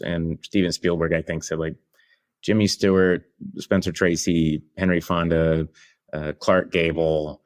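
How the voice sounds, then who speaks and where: A middle-aged man with a very low voice, a guest on a podcast. He tells his stories in an animated way, restarting his sentences and laughing as he goes. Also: unhurried. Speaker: actor guest. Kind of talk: podcast interview anecdote.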